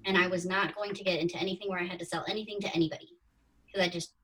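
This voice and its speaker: A woman's voice: fairly low pitch, steady tone, very fast, fairly bright tone, slight background noise. A woman in her thirties, a podcast guest, chatting through her story and acting out her own past thoughts. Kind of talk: casual interview storytelling. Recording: distant from the mic.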